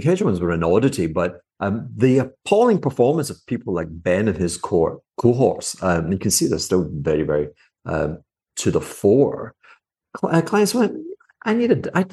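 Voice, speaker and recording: A middle-aged man and former fund manager giving cranky, mocking commentary on a TV interview he is watching. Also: fairly low pitch. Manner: mocking, cranky, animated asides. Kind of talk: sarcastic reaction commentary.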